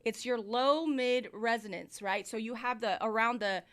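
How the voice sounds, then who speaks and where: A woman's voice: on the high side, moderate pace, a bit bright. A woman hosting a music review livestream, giving casual, explanatory feedback on vocals and mic technique into a studio mic. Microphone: studio mic, moved near and far.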